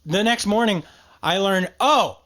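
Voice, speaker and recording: A man co-hosting a podcast, telling a story with lots of swearing and big swings in pitch. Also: unhurried. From rural area. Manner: animated storyteller, swears freely, jumpy pitch. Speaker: podcast co-host. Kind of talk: casual podcast chat.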